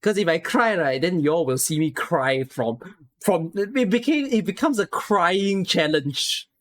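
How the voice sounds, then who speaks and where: A tired streamer reading out follower names on a live stream, chatting casually and getting emotional and excitable, close to tears. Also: medium pitch, a little slow.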